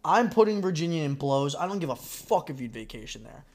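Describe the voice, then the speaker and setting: Profane, animated man hosting a podcast. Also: fairly high pitch, fairly quick. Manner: profane, blunt, laughs loudly. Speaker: podcast host. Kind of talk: casual podcast banter.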